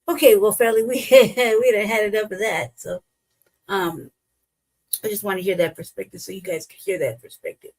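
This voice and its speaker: A show host who chats casually and reacts to a played clip with quick agreeing interjections. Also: mid-range voice, darkish tone. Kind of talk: casual chat.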